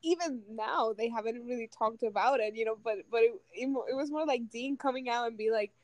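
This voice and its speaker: Excitable woman co-host, bright and dry. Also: on the high side, brisk, no echo. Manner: excitable storyteller, laughs often. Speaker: podcast co-host. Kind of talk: casual chat.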